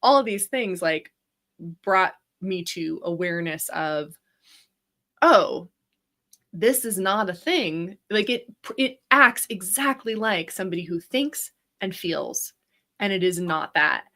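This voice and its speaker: Woman chatting, lotsa "like"s, laughs a lot, bright crisp voice. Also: on the low side, a little slow. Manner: animated, laughing often, many fillers. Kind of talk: casual storytelling chat.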